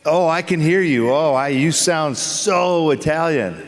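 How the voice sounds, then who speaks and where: An actor on a convention panel, a man joking and teasing audience members in playful, quick asides. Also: on the high side, slight background noise. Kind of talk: comedic Q&A banter with the audience. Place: convention hall. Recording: echoey convention hall.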